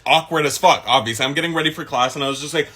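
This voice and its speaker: A young man from the Middle East telling a casual storytime, animated and swearing freely. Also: a little high, very fast.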